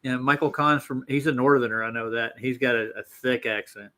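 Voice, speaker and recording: A man's voice: mid-range voice, steady tone, brisk, bright, forceful tone. Man mumbling in a casual chat. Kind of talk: casual live-stream chat.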